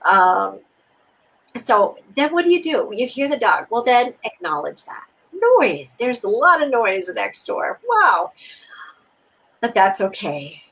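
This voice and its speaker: A woman co-hosts a spiritual teaching conversation and guides the listener through steps. She talks in an expressive, soothing, repetitive way. Her voice is slightly husky, and her pitch swings widely. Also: slow, rough recording. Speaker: co-host.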